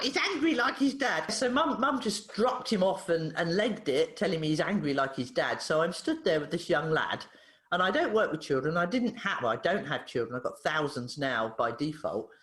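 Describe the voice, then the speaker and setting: Lady chatting away, big swoopy voice, acts out the people in her stories, echoey room. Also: lowish voice. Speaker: therapist and author, guest. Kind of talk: casual storytelling interview.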